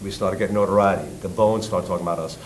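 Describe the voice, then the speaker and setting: A middle-aged man with a New York accent tells his story in an animated way, jumping into loud voices for the people he quotes and swearing freely. His voice sits fairly low. A faint rumbling noise runs under the recording. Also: racing, poor audio. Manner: lively, acts out quotes loudly, swears. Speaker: guest, tribute band singer.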